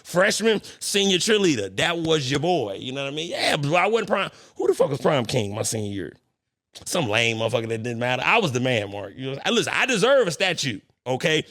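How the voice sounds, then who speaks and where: A young man from St. Louis hosting a podcast in casual chat, boastful and animated, full of profane trash talk. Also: mid-range voice, brisk, no echo, clean studio sound. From St. Louis, Missouri. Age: young adult. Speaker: podcast host.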